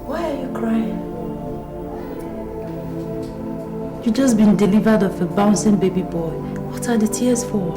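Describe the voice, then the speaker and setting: An actress playing a caring woman who soothes and firmly encourages her friend, in film audio under loud music. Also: medium pitch, normal speed, echoey room, close to an everyday voice. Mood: relieved grateful. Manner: soothing, then firm and encouraging.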